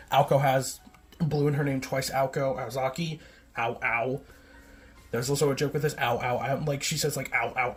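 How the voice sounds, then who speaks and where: A man giving a casual, rambling recap, often correcting himself and filling gaps with "like" and "um". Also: medium pitch. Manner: rambling, self-correcting, filler-heavy. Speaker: video essayist.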